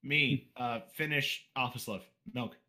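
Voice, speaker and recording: Male host, bright and sharp, crude teasing banter. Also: mid-range voice, steady tone. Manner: teasing, crude, brisk question-reading. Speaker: podcast host reading listener questions. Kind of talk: casual podcast banter.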